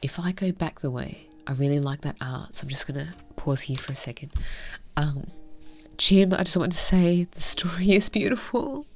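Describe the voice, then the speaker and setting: A woman reading a visual novel aloud and commenting on it, in a soft, half-whispered, heartfelt way. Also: low voice, normal speed, soft background music. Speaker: game reviewer.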